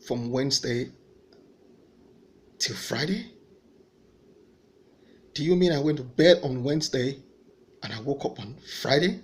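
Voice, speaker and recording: A man's voice: mid-range voice, measured pace, long pauses. A man giving an earnest personal faith testimony, telling his story and voicing remembered dialogue.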